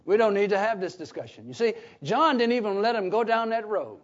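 A man preaching a Bible teaching sermon, emphatic, often pausing on "what?" so listeners fill in the words. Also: high-pitched, lively intonation. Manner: emphatic, repeats key phrases. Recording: dull lo-fi recording.

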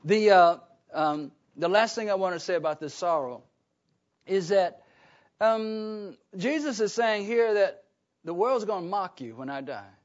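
High-voiced preacher quizzing his congregation. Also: expressive, unhurried. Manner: call-and-response questions to the congregation; conversational, with frequent restarts. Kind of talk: sermon. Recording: dull lo-fi recording.

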